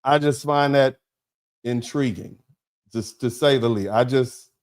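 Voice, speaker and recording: Male livestream host, mid-pitched, chatty and emphatic, halting restarts, reading chat aloud. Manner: conversational and emphatic, with repeated "you see what I'm saying". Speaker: host of a live show, a lawyer. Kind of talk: livestream talk, thanking viewers and reading chat.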